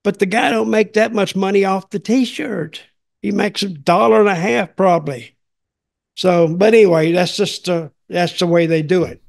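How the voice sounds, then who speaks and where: Folksy, wandering stories come from an older man hosting a podcast, who chats casually and tends to repeat himself. He talks at a moderate pace in a creaky voice that sits high.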